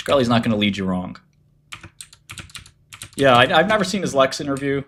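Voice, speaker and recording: A man's voice: mid-range voice, sing-song, moderate pace, long pauses, fairly bright tone, slight background noise. A man chatting casually on a livestream, blunt and profane, laughing often and acting out what other people said. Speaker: streamer talking about business.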